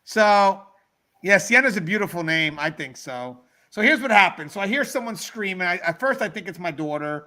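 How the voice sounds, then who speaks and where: Animated, bright-voiced male host. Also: sits high, normal speed. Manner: animated, chatty, swears casually. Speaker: podcast host. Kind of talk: casual storytelling to a live chat.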